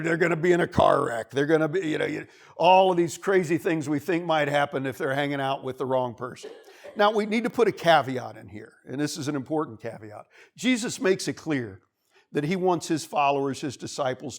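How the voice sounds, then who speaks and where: A man's voice: on the high side, animated, normal speed. A man preaching a sermon in a church, talking in a conversational way and acting out the voices of the people he quotes. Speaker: pastor. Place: church sanctuary.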